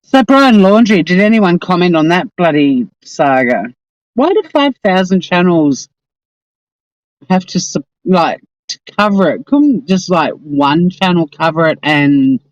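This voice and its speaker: A woman's voice: fairly low pitch, animated, measured pace, dry recording, highs cut off. A woman with an Australian accent, hosting a casual live stream and chatting in a rambling, exasperated way.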